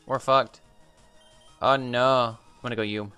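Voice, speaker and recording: A young man with a smooth, clear voice commentates his game stream in a steady stream of exasperated swearing and repeated exclamations. Soft background music sits faintly under his talk. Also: mid-range voice, measured pace, no room sound. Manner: frustrated, swearing, repetitive exclamations. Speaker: gaming streamer. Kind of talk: reactive gameplay commentary.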